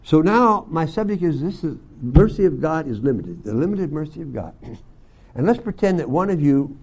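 An older man teaching a Bible school class, telling folksy stories and often clearing his throat. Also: a little high, big pitch swings, normal speed, a little mellow. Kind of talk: sermon to young students.

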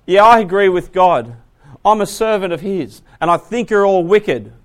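A righteous man from a Bible story, played by a preacher, loudly denouncing his wicked neighbours. He talks with scornful force, raised in pitch and volume. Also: expressive, normal speed. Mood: defiant. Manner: loud, scornful proclamation.

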